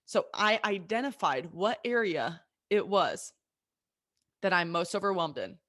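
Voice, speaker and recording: A woman's voice: fairly low pitch, animated, measured pace, fairly bright tone. A woman in her late twenties hosting a solo motivational podcast, talking candidly and with energy straight to her listeners. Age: 20s. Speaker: podcast host and coach.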